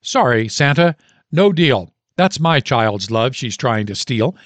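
A man's voice: mid-range voice, expressive, takes it slowly, no echo. A man doing a frazzled, weary mother. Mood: tender. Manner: exasperated, muttering storybook delivery. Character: weary, frazzled mother, tired but loving.

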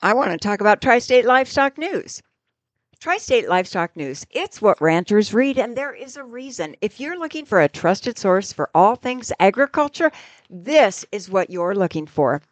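A woman reading a radio ad with an upbeat sales pitch. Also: very animated, normal speed, dry recording. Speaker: ad announcer. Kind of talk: read radio ad.

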